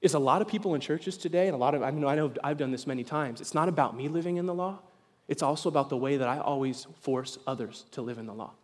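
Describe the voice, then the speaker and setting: High-voiced preaching man in a reverberant hall. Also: fast talker. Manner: animated preaching, acts out voices of people. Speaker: pastor. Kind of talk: sermon. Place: church sanctuary.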